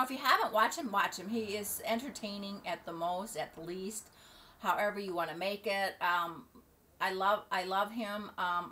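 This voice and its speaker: Woman vlogger, middle-aged, casual opinion talk, halting, full of fillers, middle pitch. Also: sharp tone. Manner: rambling, halting, with many fillers and restarts. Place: at home near the beach.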